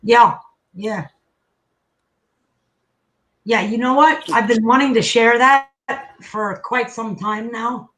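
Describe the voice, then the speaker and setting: A man with a high voice hosts a casual livestream, wandering from thought to thought. His talk is loose and profane, and he often trails off mid-sentence. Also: slow, long pauses, sharp tone, low-quality recording. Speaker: livestream host. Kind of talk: casual rambling livestream chat.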